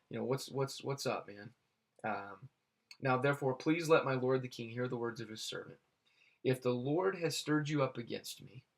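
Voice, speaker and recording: A man reading Bible verses aloud and explaining them in a halting way, with many fillers and restarts. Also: medium pitch. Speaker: Bible teacher.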